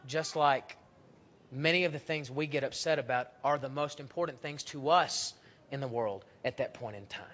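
A man preaching a sermon in a church, telling stories and acting out the voices in them, swinging from loud to hushed. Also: medium pitch, normal speed. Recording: dull lo-fi recording.

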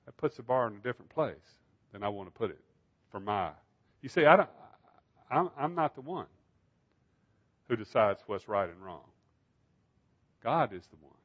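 A man's voice: mid-range voice, animated, moderate pace, long pauses, lo-fi sound. A man preaching a Bible study sermon in an emphatic style, asking rhetorical questions.

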